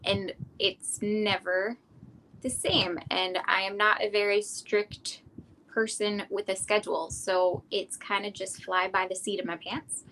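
A middle-aged woman, an artist, chatting casually in an interview, relaxed and rambling with frequent ums. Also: medium pitch, measured pace, a little hiss or hum, rough recording. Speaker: artist guest.

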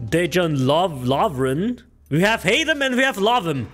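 A man with a high, bouncing voice, talking through a live stream in an excitable rush that keeps tripping over words and swearing. He drawls his words slowly. Faint music plays under him. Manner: excitable, swears often, stumbles over names. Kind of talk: casual live-stream commentary.

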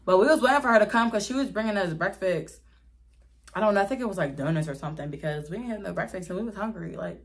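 A woman's voice: mid-range voice, a bit bright. Chatty young woman telling a storytime. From Pittsburgh area, USA. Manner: chatty, addresses viewers as y'all; candid, dramatic retelling with slang. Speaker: vlogger. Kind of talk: casual storytime.

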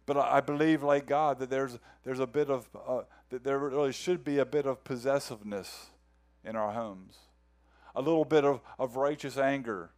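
With a mid-range, somewhat dark voice, this pastor preaches in earnest, using repetition to drive his points home. Scripture passages get a slow, feeling reading.

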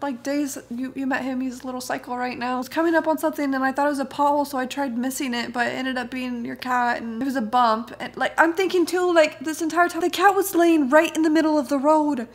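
A young woman tells a story time to camera in a relaxed, chatty way. Her voice sits a touch higher than most, and she laughs her way through it. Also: fast talker, few pauses. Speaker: vlogger.

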